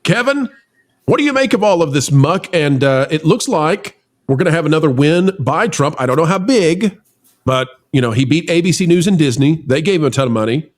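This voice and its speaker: A man hosting a casual news commentary show, talking in an animated, teasing way and exclaiming often. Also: on the high side, fairly quick. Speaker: show host. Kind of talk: casual political commentary chat.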